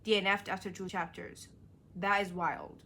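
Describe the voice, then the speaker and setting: A woman's voice: mid-range voice, level tone, pushed and bright, a little hiss or hum. A young woman, a book vlogger, reading reviews aloud and reacting with exasperated rants. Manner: exasperated, ranting, quick to get worked up.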